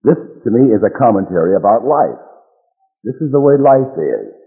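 Deep-voiced man telling folksy jokes. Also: sing-song, moderate pace. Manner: folksy, self-deprecating storyteller. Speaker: speaker at a recovery meeting. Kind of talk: joke-filled speech. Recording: dull old recording in a reverberant hall.

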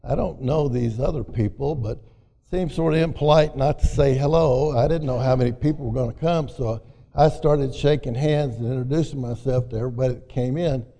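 An older Southern man from Arkansas tells a personal recovery story in a folksy, rambling way, full of "you know." His voice is gravelly, and it carries through a big hall with a long echo. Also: mid-range voice, brisk, warm tone. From Arkansas, USA. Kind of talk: personal testimony talk. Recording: echoey hall, mic at a distance.

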